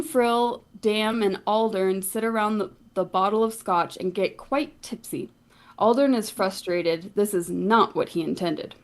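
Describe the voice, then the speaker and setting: A woman recounting a fantasy game session in a loose, wry way. Her voice sits at an ordinary middle pitch, and the telling is casual and a bit irreverent. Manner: casual, wry, laughs and swears. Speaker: game recap narrator.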